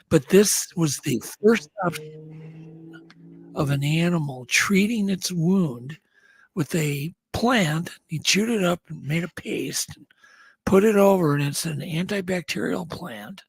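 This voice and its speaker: Gravelly-voiced man chatting on a podcast. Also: a little high, no echo. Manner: chatty, rambling news rundown with restarts. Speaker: podcast co-host. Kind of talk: casual chat.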